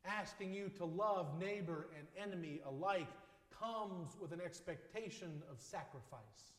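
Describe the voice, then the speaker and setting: High-voiced man preaching in an echoey hall. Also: expressive. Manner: measured preaching with repeated phrases, often dropping soft. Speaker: pastor. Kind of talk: sermon. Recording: echoey hall with long reverb.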